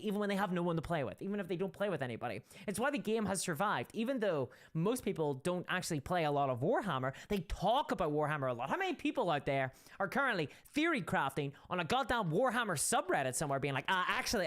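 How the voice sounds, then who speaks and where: A woman streamer with a fairly low voice gives casual livestream commentary, reading chat and ranting with opinionated energy while frequently restarting her sentences.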